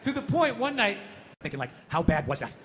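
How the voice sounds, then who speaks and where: A man on stage ranting through a stand-up set, his voice high and sharp, the words rushing out. He swears freely and acts out the people in his stories. The sound rings with long hall reverb and faint audience ambience behind it. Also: big pitch swings, slight background noise. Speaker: stand-up comedian. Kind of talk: stand-up rant. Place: live comedy venue.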